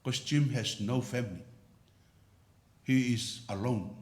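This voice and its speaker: A man's voice: mid-range voice, slow, darkish tone, pitched below the performer's own voice, lightly acted. A man voicing a polite hospital nurse. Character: kind female hospital nurse. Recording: roomy church reverb.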